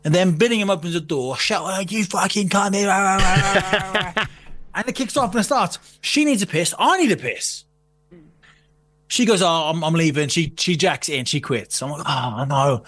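A man's voice: high voice, measured pace, a bit bright. A man telling a long sweary anecdote in casual conversation, laughing often. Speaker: podcast guest. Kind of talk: casual storytelling chat.

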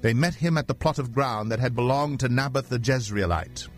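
A man narrating a scripture passage in a steady, even reading voice. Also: medium pitch, fairly quick, faint music behind.

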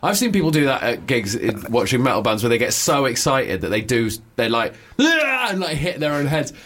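A man from England co-hosting a casual comedy podcast, teasing his friend with quick jokes and mock voices. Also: mid-range voice, very animated, a bit bright, slight background noise. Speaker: podcast co-host.

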